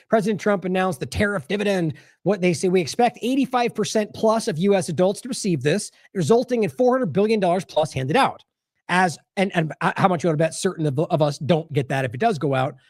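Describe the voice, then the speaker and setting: Exasperated man with a lively, high voice. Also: no echo, clean studio sound. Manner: exasperated, sarcastic, scoffing laughs. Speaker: independent news show host. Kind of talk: casual commentary on played clips.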